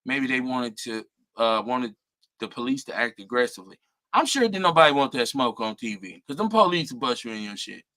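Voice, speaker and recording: Lively, bright-voiced man riffing casually. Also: mid-range voice, fairly quick. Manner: animated, profane, laughs often, mimics people. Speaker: co-host. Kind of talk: casual talk show banter.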